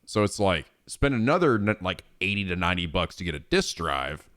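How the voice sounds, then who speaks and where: Male game streamer, casual chat, low voice with lively swings, swears freely. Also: a little fast, no room sound. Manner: profane, rambling, animated.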